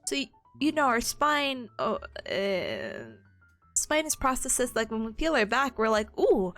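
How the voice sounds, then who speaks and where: A high-voiced young woman with a hoarse, worn-out voice talks through her study notes. She is bubbly and chatty and giggles easily. Faint music plays in the background. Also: very animated, unhurried, fairly bright tone. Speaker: streamer reviewing study notes. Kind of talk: casual study stream.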